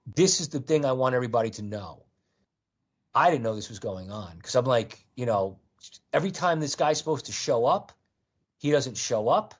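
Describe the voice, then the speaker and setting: Husky-voiced man telling a rambling story. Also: medium pitch, lo-fi sound. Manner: rambling, earnest, many restarts and fillers. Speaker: call-in guest. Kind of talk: storytelling in conversation.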